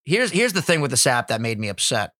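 A man hosting a podcast, telling stories in casual, animated, profane chat. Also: mid-range voice, fairly quick, no room sound, clean studio sound. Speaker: podcast host.

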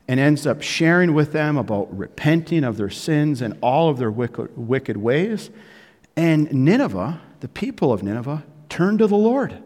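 A pastor giving a sermon to his congregation, building emphasis with frequent pauses. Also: a little high, darkish tone. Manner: preaching with rising emphasis and pauses, addressing the congregation. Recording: echoey hall with long reverb.

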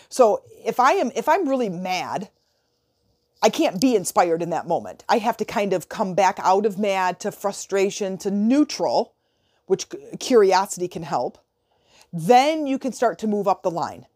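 A woman coaching her viewers in a chatty, animated motivational talk, often restarting phrases and acting out little dialogues. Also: medium pitch.

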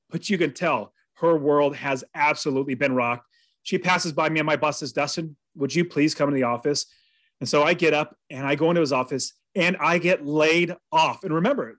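A man's voice: on the high side, fairly bright tone, dry recording. A man telling a personal story as a podcast guest, in an earnest, vivid way.

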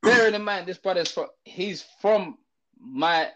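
A young man from Zimbabwe, telling a story in casual chat, slangy and animated, full of fillers and restarts. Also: high-pitched, measured pace. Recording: dull lo-fi audio.

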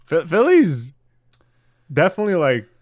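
A man co-hosting a podcast in casual, joking banter. His pitch swings widely as he talks, and he laughs often. The sound is dry and close, with little room echo. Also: wildly swooping pitch, normal speed. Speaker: podcast co-host.

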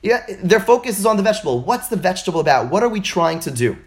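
A man teaching religious texts in an informal lecture over a video call, animated and full of rhetorical questions. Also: high voice, fast talker. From United States.

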